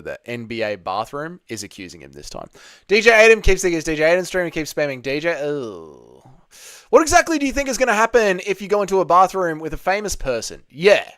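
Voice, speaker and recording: A man's voice: a little high, a bit bright, clean tone, dry recording, clean studio sound. A young man hosting a casual livestream from home, talking bluntly and crudely and reading viewer comments aloud. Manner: blunt, crude banter, reads chat aloud. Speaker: livestream host.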